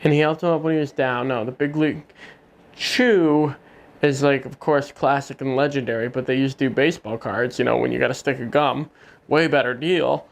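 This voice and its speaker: This painter and video host speaks at a moderate pace in a steady, medium-pitched voice with some vocal fry. Painting in his art studio, he rambles casually, restarting sentences, saying "like" a lot, and tossing in jokey asides.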